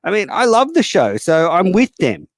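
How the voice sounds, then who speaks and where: A man's voice: high voice, wildly swooping pitch, moderate pace, no room sound. A man hosting a call-in show, talking bluntly and profanely with plenty of fillers. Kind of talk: casual call-in chat.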